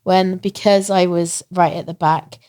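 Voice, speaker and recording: A woman from England, a guest in a podcast interview, telling a personal story in an animated way, laughing often and acting out the voices of others. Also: lowish voice, a little slow, smooth. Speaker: interview guest, marathon runner.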